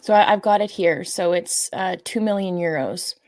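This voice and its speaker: A woman leads a casual sports podcast chat in a low voice, reading out figures and passing questions to her co-hosts. Her voice is recorded close and dry, with no room sound. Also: normal speed, darkish tone, no room sound. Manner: steers the talk and reads out figures. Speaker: podcast host.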